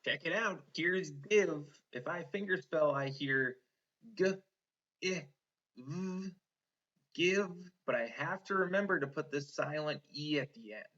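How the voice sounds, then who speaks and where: A man teaching an online phonics lesson to children, slow and encouraging, stretching out each sound. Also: on the high side, lively intonation, sharp tone. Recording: slightly dull lo-fi online lesson audio.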